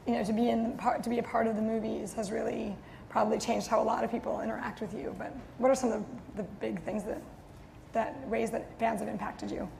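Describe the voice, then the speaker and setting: A woman's voice: a little high, level tone, fairly quick, gravelly. A woman moderating a live audience Q&A, reading out questions with giggles and hesitant fillers. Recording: long reverb of a hall, faint noise.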